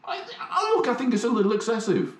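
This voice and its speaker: A man's voice: very high voice, wildly swooping pitch, quick pace, reverberant. A man co-hosting a podcast, playfully going along with the jokes in casual banter. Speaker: podcast co-host.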